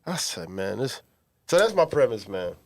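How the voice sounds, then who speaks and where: A man's voice: lowish voice, moderate pace. A man co-hosting a podcast, telling comic stories in slangy, emphatic casual chat from a small studio. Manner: animated storyteller, slangy and emphatic. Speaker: podcast co-host.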